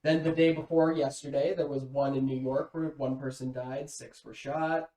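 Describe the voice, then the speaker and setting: A mid-pitched voice, heard through a roomy, echoing space, grumbles bluntly in a casual chat. The speaker swears freely and sounds fed up. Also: flat delivery, normal speed, a loud crowd. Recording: echoey room.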